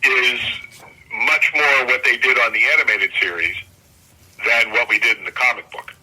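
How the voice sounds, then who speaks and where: A man's voice: medium pitch, steady tone, moderate pace, bright, forceful tone, breathy edge, poor audio. An older man, a comic artist guest, talking casually and enthusiastically in an interview, often restarting his sentences. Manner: rambling, self-correcting, enthusiastic.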